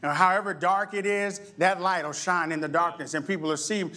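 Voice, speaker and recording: A middle-aged male pastor preaches with real animation, breaking into sudden high exclamations and trading call-and-response with his congregation. He slips into quick asides where he acts out other people's voices.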